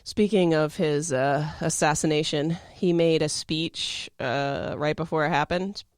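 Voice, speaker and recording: A man's voice: on the high side, fairly even intonation, unhurried, clear, resonant tone, no echo, clean studio sound. A young man in his twenties, co-hosting a casual chat, reading facts aloud with many fillers and restarts.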